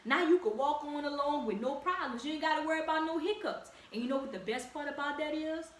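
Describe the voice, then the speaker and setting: Louisiana lady doing her podcast, kinda high voice, chatty n encouraging, roomy echo. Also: quick pace. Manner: direct, encouraging, conversational with slang. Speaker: podcast host. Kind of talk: casual solo podcast talk. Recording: echoey room, distant mic, faint ambient noise.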